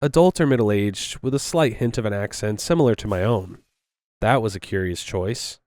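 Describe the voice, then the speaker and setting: Low-voiced man narrating a horror story. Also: a little mellow, dry recording, studio quality. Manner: measured, with casual asides.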